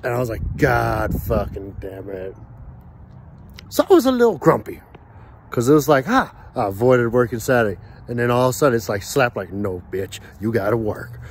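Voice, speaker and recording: A man's voice: mid-range voice, a little hiss or hum. A man ranting casually and profanely about his work week while grilling outdoors. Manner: profane, heated storytelling. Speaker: vlogger.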